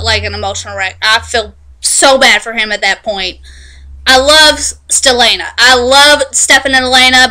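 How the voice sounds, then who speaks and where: A woman casually recapping a TV episode in a chatty, animated way, often restarting her sentences. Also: fairly high pitch, smooth, rough recording. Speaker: TV show reviewer.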